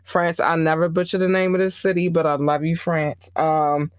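Baltimore host gushing over listeners, mid pitch, dry close sound. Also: flat delivery, normal speed, clean tone, no room sound. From Baltimore, Maryland. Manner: effusive and affectionate, big playful pitch jumps. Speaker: podcast host. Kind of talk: casual listener shout-outs.

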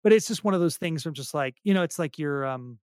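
A man's voice: fairly high pitch, lively intonation, fast talker, a little mellow, clear, resonant tone, dry recording, studio quality. A middle-aged man talking casually as an interview guest, self-deprecating and rambling with many restarts. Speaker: podcast guest, singer-songwriter.

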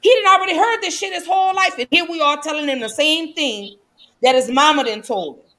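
A woman's voice: high voice, brisk, pushed and bright. A mother giving impassioned, preachy commentary in a casual, colloquial way. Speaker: vlogger and mother.

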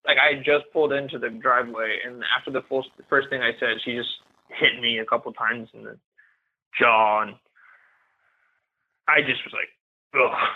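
Over a tinny phone-style line, a man of medium pitch tells his own story as a podcast guest, speaking at normal speed with fairly even intonation and long pauses. He sounds earnest, candid and reflective.

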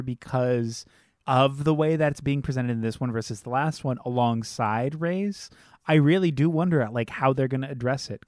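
A mid-pitched male voice, recorded close and dry. He muses in a reflective way, hedging his points with a few restarts and the odd wry, sarcastic remark. The delivery is casual. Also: darkish tone, dry recording. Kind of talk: casual film discussion.

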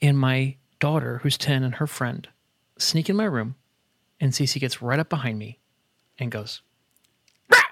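A middle-aged man co-hosting a casual faith podcast, an animated storyteller who talks in quick bursts and laughs often. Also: medium pitch, no room sound, studio quality. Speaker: podcast co-host. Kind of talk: casual chat. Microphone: headset earbuds at a desk.

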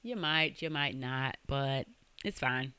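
A woman's voice: extremely low pitch, slow pace, pushed and bright, clear, resonant tone, no room sound. A young woman hosting a podcast, telling a true-crime story in a casual, slangy way and swearing freely. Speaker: podcast host.

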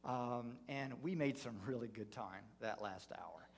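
A man, a pastor, preaching a sermon through a personal story, halting with many fillers and restarts. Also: medium pitch. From United States.

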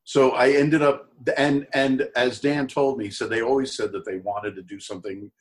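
A middle-aged man, an actor as a guest, casually telling an anecdote and acting out the people in it with jumps up in pitch. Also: moderate pace. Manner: animated storyteller who acts out quoted voices in a higher pitch.

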